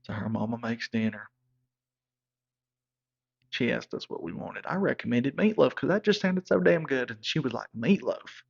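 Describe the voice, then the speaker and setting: A man's voice: mid-range voice, moderate pace, creaky, long pauses, breathy edge. A man telling a rowdy, profane comic story in a rambling backwoods way, as a regular storyteller. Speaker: comedic storyteller. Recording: dull lo-fi recording.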